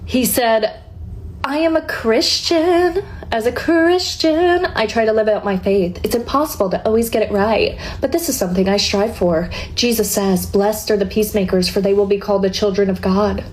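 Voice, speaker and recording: A woman reading her prepared statement to camera in a measured, firm way. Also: medium pitch, fairly even intonation, a little mellow, a little hiss or hum. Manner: measured, firm, then heated.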